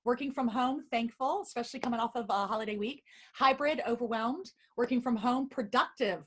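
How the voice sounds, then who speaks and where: A woman's voice: a little high, brisk, husky. A woman presenting a wellness webinar, encouraging the audience and reading their chat replies aloud.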